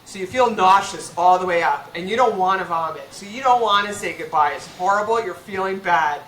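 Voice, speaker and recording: A woman veterinarian speaking frankly and casually as a podcast guest, talking in quick bursts with restarts. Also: medium pitch, fairly bright tone. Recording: echoey room with faint background hum.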